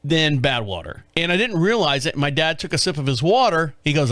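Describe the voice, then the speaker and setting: A man's voice: fairly high pitch, sing-song, fast, few pauses, a bit bright, dry recording. A middle-aged man hosting a podcast, telling a casual story in a rambling way with restarts and chuckles. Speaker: podcast host.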